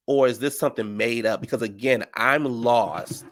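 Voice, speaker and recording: A man's voice: mid-range voice, moderate pace, hardly any pauses, no room sound. Sassy gossiping man recapping reality TV. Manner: sassy, gossipy, animated storytelling with "honey" and "child". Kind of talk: casual recap commentary.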